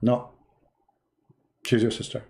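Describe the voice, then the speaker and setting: A man voicing a stern father in a joke, refusing firmly in a low voice. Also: slow, mellow, lightly acted. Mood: stern refusal. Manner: low, firm, repeated refusals.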